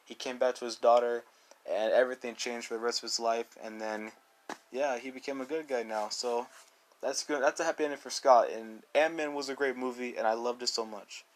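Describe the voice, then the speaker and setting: A man's voice: medium pitch, steady tone, a little fast. Rambling guy gushing about movies. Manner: rambling, heavy use of "like" and "dude", eager. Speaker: YouTuber ranking movies. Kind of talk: casual movie review.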